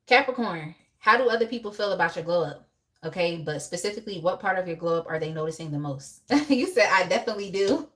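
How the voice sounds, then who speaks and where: A woman's voice: lowish voice, lively intonation, fast talker, fairly bright tone. A young woman hosting a casual live tarot reading, chatty and laughing often as she talks to viewers in the chat by name. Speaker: tarot reader on a live stream.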